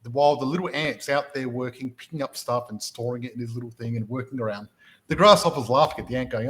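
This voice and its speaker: A man's voice: mid-range voice, fast talker, low-quality recording. A man hosting a motivational podcast, talking energetically and often restarting his sentences as he tells stories. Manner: energetic, repeats words when starting sentences, storytelling. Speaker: podcast host and property mentor.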